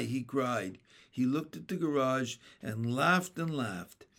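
A man reading a children's chapter book aloud in a steady, plain storybook narration. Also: medium pitch, slow pace.

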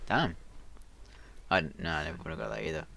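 Bright-voiced, jokey man podcaster. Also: very deep voice, sing-song, brisk, gravelly, no room sound. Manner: laughs often, jokey. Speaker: podcast co-host. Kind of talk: casual chat.

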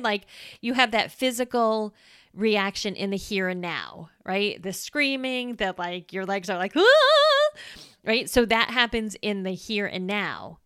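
A woman hosts a casual solo podcast with a smooth, clear voice. She explains ideas in a relaxed, chatty way and keeps checking in with the listener. The sound is close and dry. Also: mid-range voice, no echo. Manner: chatty, checks in with "right?", acts out quick voices. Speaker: podcast host.

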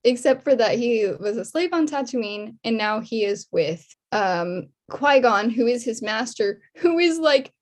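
A woman's voice: a little high, lively intonation, unhurried, hardly any pauses. A young woman co-hosting a podcast, chatting casually with many fillers and laughs. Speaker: podcast co-host. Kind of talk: casual chat.

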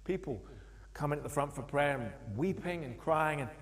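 A man's voice: fairly high pitch, lively intonation, normal speed. A man preaching a sermon in a church, telling stories with animation and acting out the voices of the people in them. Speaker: pastor. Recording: long echo of a church hall.

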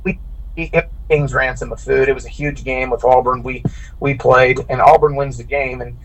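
A man's voice: mid-range voice, moderate pace, dull audio, slight background noise. A man from Illinois who races cars, telling a long, rambling story with lots of restarts in casual podcast chat. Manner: animated, rambling anecdote with frequent restarts. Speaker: podcast guest, bracket racer.

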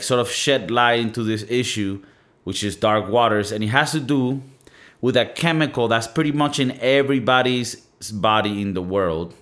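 Young man, solo podcast host, swears a lot, rambling rant, playful. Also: medium pitch. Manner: animated, profane, rambling with playful mock-singing.

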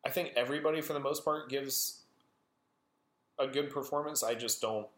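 A man's voice: medium pitch, normal speed, fairly bright tone. An enthusiastic man co-hosting a casual film podcast. He rambles happily and laughs often. His voice carries a noticeable room echo. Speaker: podcast co-host. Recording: roomy echo.

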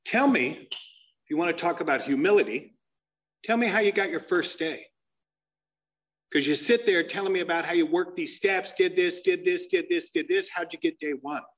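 In a high-pitched voice at an ordinary pace, a man speaking to a recovery group animatedly recounts tales full of profanity and bluntness.

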